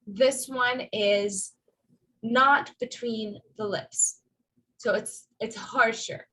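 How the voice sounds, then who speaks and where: A woman teaching English pronunciation in a class, slow and patient, modeling sounds over and over for her students. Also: fairly high pitch, a bit bright, husky, low-quality recording. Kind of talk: online class lesson.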